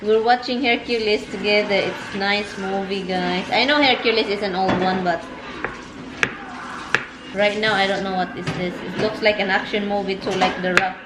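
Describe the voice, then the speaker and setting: A woman's voice: mid-range voice, fairly even intonation, normal speed, heavy background noise. A woman from the Philippines with a Filipino accent, chatting casually in a home vlog and switching between English and Tagalog. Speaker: vlogger. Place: home kitchen.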